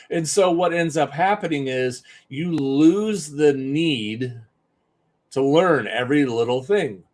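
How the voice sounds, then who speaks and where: A man's voice: a little high, slow pace, a little mellow. A man giving an emphatic, conversational live-stream talk as a business coach, often repeating points for stress.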